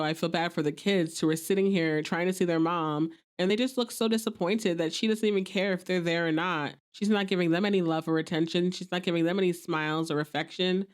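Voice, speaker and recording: A woman's voice: fairly low pitch, smooth. A young woman hosting a podcast, casually recapping a TV episode, chatty and sympathetic, sometimes acting out the characters' lines. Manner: chatty, reacts with sympathy and disbelief, briefly acts out quoted lines.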